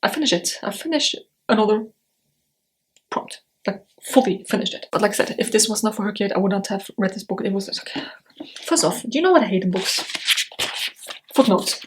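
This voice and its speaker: Woman book vlogger, mid-pitched, loose and rambly, talks straight to camera with blunt takes. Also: expressive, brisk, pauses often, a little hiss or hum. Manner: chatty and rambling, blunt opinions, frequent fillers. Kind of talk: casual chat to camera.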